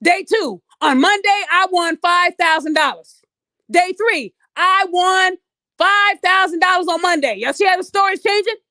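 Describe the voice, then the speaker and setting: Very high-voiced woman ranting bluntly. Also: measured pace, sharp tone, no room sound, studio quality. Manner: blunt, profane, emphatic; talks straight to her audience. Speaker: podcast host. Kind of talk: ranting commentary.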